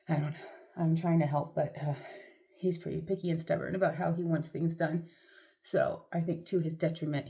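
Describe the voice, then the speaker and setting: A middle-aged woman with a lowish, mellow voice chats to camera at home. She rambles loosely and pokes fun at herself, and her nose is sniffly throughout. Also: creaky. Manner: rambling and chatty, with self-deprecating asides. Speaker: vlogger. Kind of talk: casual chat to camera. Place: at home, doing a face mask.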